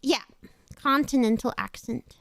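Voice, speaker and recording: A woman chatting casually while playing a game on stream, rambling through quick asides and laughing often. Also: high voice, vocal fry, dry recording, studio quality. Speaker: VTuber streamer. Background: faint background music.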